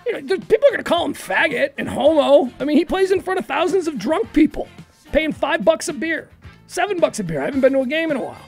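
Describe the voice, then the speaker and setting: A woman hosting a talk radio show in a studio, opinionated and riffing quickly in casual commentary. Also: high-pitched, animated, gravelly, soft background music. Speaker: radio host.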